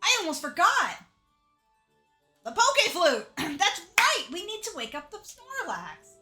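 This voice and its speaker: A theatrical, pompous rich man, put on by a woman gushes in high, drawn-out exclamations. The voice is bright and keen, with soft music faint behind it. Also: wildly swooping pitch, full character voice. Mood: haughty.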